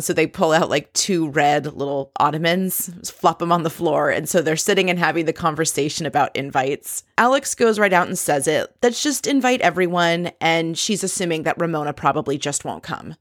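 A woman casually recapping a reality show scene by scene, chatty and quick to laugh. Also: low-pitched, dry recording, clean studio sound. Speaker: recap podcast host.

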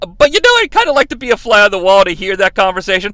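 Excitable, sarcastic man hosting a podcast. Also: high-pitched, fast, few pauses. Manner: excitable, sarcastic, swears freely. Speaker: podcast host. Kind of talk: profane comedic recap of an old wrestling event.

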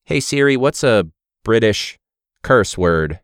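A man who teaches and hosts a podcast, talking in a casual ranting monologue, sarcastic and animated, with loud mock outbursts. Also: fairly low pitch, takes it slowly, smooth, dry recording, studio quality.

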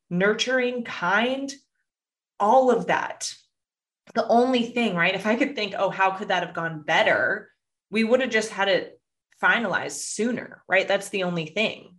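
A middle-aged woman talking candidly and from the heart in a personal monologue, her voice thick as she holds back tears, with many "like"s and "right?"s. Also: medium pitch. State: fighting back tears, emotional voice.

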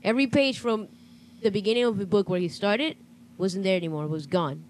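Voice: medium pitch, fairly quick, a little hiss or hum. A co-host from Argentina in a casual chat, asking friends follow-up questions. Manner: chatty, asks follow-up questions.

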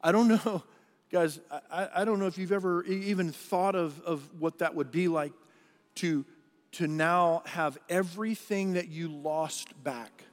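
A man's voice: fairly high pitch, unhurried, long reverb tail. A man preaching a sermon as pastor, earnest and conversational, often repeating and restarting his words.

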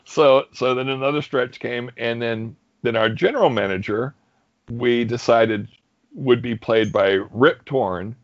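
A young man casually telling a story, animated and laughing often. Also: mid-range voice, a little slow, dry recording, lo-fi sound. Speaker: guest storyteller. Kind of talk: casual anecdote.

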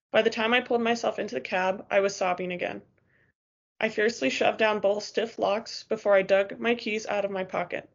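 A woman's voice: mid-range voice, gravelly, dull audio. A woman narrating a first-person novel as an audiobook, in a tense, urgent storytelling manner.

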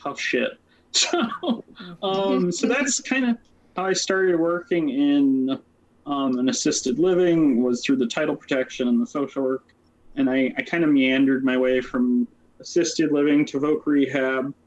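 A man interviewed about being a social worker tells his story in a relaxed, rambling manner, dotted with quick asides and plenty of "like" and "um." His voice is medium-pitched and the recording is muffled.

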